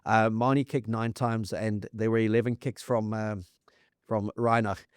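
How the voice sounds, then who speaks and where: A man's voice: lowish voice, little pitch movement, unhurried, smooth, no room sound, clean studio sound. A South African man co-hosting a rugby podcast, talking casually and enthusiastically, piling up match stats with frequent restarts. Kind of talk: casual sports chat.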